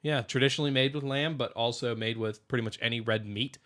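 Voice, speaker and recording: A man's voice: medium pitch, quick pace, a bit bright. Casual male podcast co-host reading trivia. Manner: reads out trivia facts, stumbles on names. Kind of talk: casual chat.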